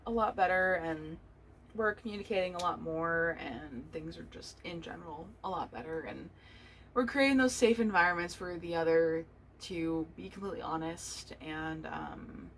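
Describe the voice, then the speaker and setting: A young woman with a slightly low voice speaks candidly in a casual solo podcast, swearing often and trailing off to restart her thoughts. A faint hiss of background noise sits under her voice. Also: moderate pace, a bit bright, poor audio. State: choked up, tearful. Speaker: podcast host. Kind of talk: personal solo podcast talk.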